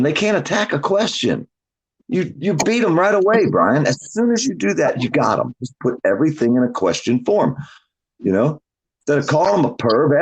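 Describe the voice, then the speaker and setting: Brief: swaggering, foul-mouthed male storyteller, casual chat, pitch rises and falls a lot. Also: breathy edge. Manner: profane, boastful storyteller who laughs often; lively, swinging delivery.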